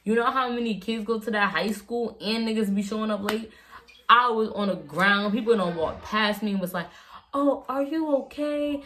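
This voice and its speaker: A woman's voice: mid-range voice, fairly even intonation, moderate pace, sharp tone, a little hiss or hum. A young woman vlogger telling a casual storytime, rambling with slang and lots of fillers and restarts.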